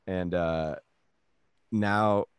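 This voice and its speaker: A man's voice: low-pitched, steady tone, extremely slow, clean tone, dry recording. A young man telling rambling stories as co-host of a casual comedy podcast, full of fillers. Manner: rambling storyteller, many fillers.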